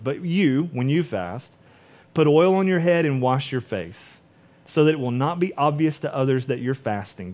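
A man's voice: medium pitch, darkish tone. A middle-aged man preaching a sermon as a pastor, conversational and acting out quoted voices.

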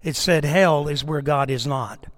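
A man's voice: a little high, unhurried, long reverb tail. A middle-aged man, a pastor telling a story in a sermon with emphatic, dramatic delivery.

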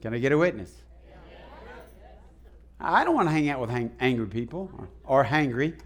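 A man's voice: mid-range voice, lively intonation, normal speed. A man preaching a sermon to his congregation in a church, calling out questions to the people. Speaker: pastor. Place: church sanctuary.

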